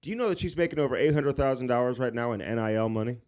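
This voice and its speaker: A man's voice: mid-range voice, rapid-fire, darkish tone. A man co-hosting a podcast from his home studio, rambling in a joking, mock-serious way. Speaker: podcast co-host. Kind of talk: casual podcast chat.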